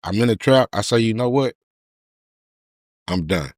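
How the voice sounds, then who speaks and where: A man's voice: mid-range voice, quick pace, no echo, clean studio sound. A middle-aged man, telling his story in an interview and acting out the voices of people in it. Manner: animated retelling, acts out quoted voices. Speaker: podcast guest.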